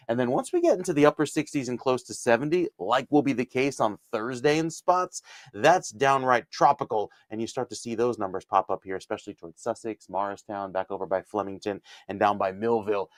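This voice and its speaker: Brief: male weatherman, mid pitch, easygoing conversational forecast, dry close mic. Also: dry recording. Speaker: meteorologist. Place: radio studio. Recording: dry studio sound.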